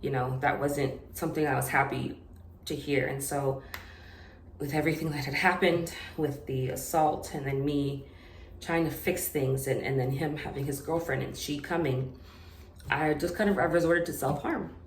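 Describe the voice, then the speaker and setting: A young woman telling a personal story in an unscripted vlog, halting, with many fillers and restarts. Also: deep voice, steady tone, echoey room, slight background noise. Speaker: vlogger.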